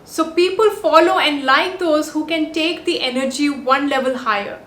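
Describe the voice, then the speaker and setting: High-voiced woman coach, roomy sound. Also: normal speed, a bit bright. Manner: upbeat, emphatic list delivery. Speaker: body language coach, vlog host. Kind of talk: scripted talking-head advice. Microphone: compact on-camera mic. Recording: roomy echo.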